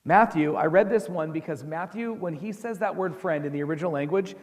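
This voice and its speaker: A man with an American accent preaching a sermon as pastor, conversational and quick to ask his listeners questions. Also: on the high side, long reverb tail.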